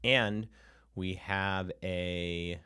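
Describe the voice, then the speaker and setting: A man's voice: sits low, fairly even intonation, very slow, pushed and bright, clear, resonant tone, dry recording, clean studio sound. A man teaching a casual screen-share tutorial on building AI agents, chatty and hyped, with sudden playful outbursts, recorded on a desk mic in a small room.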